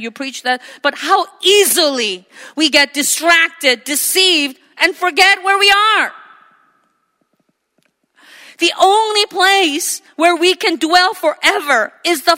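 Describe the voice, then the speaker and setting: High bright woman preaching in an echoey hall. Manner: emphatic, repeats phrases, calls for amens. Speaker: pastor. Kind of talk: sermon. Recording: echoey hall with long reverb.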